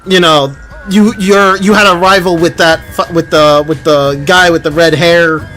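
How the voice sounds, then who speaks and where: A man streaming a game, chatting casually in a lively, indignant way, swearing and laughing often. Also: a little high, unhurried, faint music behind. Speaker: livestreamer.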